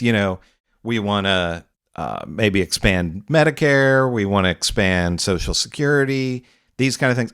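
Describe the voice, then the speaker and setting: A man hosting a reaction video, mocking his opponents' arguments in quick paraphrased bursts. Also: fairly low pitch, animated, fairly bright tone. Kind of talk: commentary over clips.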